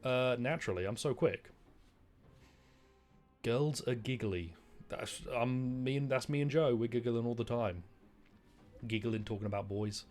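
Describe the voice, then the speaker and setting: A man's voice: mid-range voice, moderate pace, darkish tone. A British man casually commentating a video game, wryly reading dialogue aloud with mock indignation. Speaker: gaming streamer.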